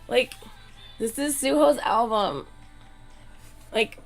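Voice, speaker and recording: A woman hosting her channel in a casual chat with viewers, excitable and gushing like a fan, swearing often and filling her talk with "like.". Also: a little high, very slow, pauses often, soft background music. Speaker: channel host chatting with viewers.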